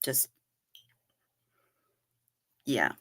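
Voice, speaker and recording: Slow-talking, bright-voiced woman streamer. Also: no room sound, clean studio sound. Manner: chatty and wry, swears casually, breaks into giggles. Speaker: live stream host. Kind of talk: casual live-stream chat, reading viewer comments.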